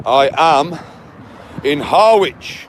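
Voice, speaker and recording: A man's voice: fairly high pitch, expressive, drawn-out words. A man in his forties vlogging outdoors on a windy seafront, talking in a goofy sing-song way in daft put-on accents. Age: 40s. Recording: heavy wind noise on mic.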